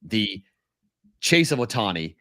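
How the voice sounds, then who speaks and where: Animated man talking sports betting. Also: on the low side, slow, no room sound, studio quality. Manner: animated, laughs often, mimics whiny voices. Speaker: sports betting podcast co-host. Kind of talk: casual sports talk.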